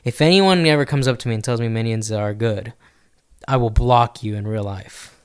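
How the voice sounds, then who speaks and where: A man's voice: mid-range voice, moderate pace, smooth. A man co-hosting a casual podcast, opinionated and breaking into bits of song as he talks. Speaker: podcast co-host. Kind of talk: casual chat.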